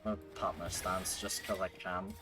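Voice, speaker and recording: A man's voice: low voice, flat delivery, moderate pace, over music. A man streaming a game, joking with chat in casual commentary. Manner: joking, laughing, talks to chat.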